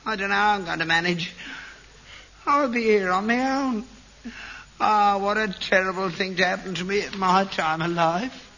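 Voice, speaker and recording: Crafty old dad, gravelly and high, swoops all over, kinda dull old tv sound. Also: male voice, moderate pace, bright, forceful tone, a little hiss or hum. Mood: self-pitying. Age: older. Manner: grumbling and self-pitying, blunt. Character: cantankerous selfish elderly father, wiry and crafty. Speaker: elderly father in a sitcom.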